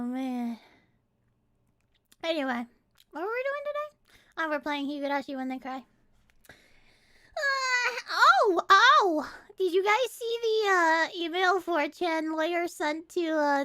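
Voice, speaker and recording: A young adult woman streaming and chatting casually, excitable and quick to swear. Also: very high-pitched, no room sound. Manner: excitable and profane, swears freely. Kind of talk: casual livestream chat.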